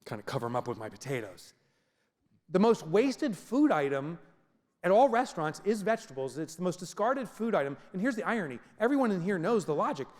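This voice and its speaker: In a brisk, high voice, a keynote speaker entertains a big audience with a comedic motivational talk. His storytelling is animated and he performs the scenes he describes, all captured with the echo of a large hall.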